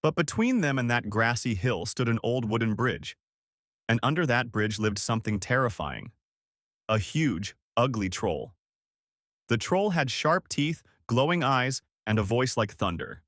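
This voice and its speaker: A man's voice: mid-range voice, big pitch swings, measured pace, fairly bright tone, no room sound, studio quality. A man narrating a scripted bedtime fairy tale in a dramatic, sing-song way. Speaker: storyteller.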